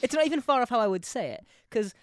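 A young man with a Northern English accent, co-hosting a podcast in casual, animated chat and acting out quotes. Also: very high-pitched, quick pace, clean tone, no echo, clean studio sound. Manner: chatty, animated, restarts and acts out quotes. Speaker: podcast co-host.

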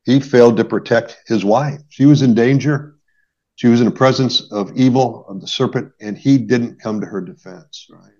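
A middle-aged marriage therapist with a mid-range, darkish voice explains conflict on a podcast at a moderate pace. He's earnest and conversational, using examples and frequently tagging on "right?", and the audio is dull and lo-fi.

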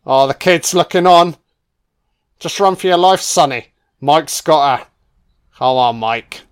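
A man's voice: a little high, measured pace, clear, resonant tone. A man giving casual, crude commentary on a horror film, sarcastic and swearing nonstop as he mocks the characters.

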